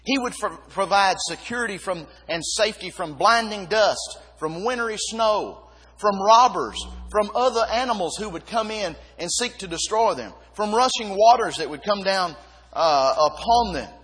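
A man preaching a sermon, reading scripture and repeating key words with emphasis, pausing between short phrases. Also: sits high, lively intonation, fairly bright tone, breathy edge. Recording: long hall reverb.

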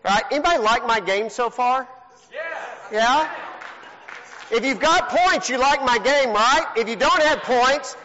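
Very high-pitched and forceful, with bright, lively intonation, a pastor takes his time joking and teasing as he leads a congregation through a trivia game. The sanctuary recording is lo-fi and dull, with a long reverb tail.

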